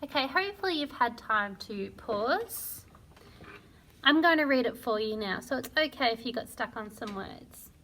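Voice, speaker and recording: A woman teaching a phonics lesson to young children, sounding out words slowly and praising often. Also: on the high side, animated, bright, forceful tone. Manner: slow, sounding out words syllable by syllable; encouraging and praising. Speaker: primary school teacher.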